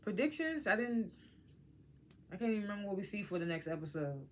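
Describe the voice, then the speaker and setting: Vlogger reviewing a tv episode, talks blunt and lively, drops curse words, voice sits in the middle. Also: mid-range voice, fairly quick, slight background noise. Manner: animated, blunt, swears freely, quotes cast members. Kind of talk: casual spoken episode review.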